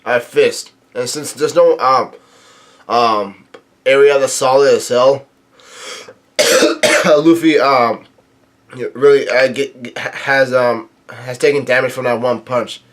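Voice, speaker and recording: A young man casually recapping a comic chapter, halting often and correcting himself as he goes. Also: mid-range voice, steady tone, fairly bright tone. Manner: halting, many restarts and self-corrections. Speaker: manga reader and recapper.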